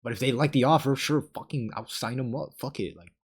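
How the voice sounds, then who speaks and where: A man's voice: medium pitch, brisk, breathy edge. A young man chatting casually as a podcast co-host, telling rambling stories full of swearing and acted-out quotes. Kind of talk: casual chat.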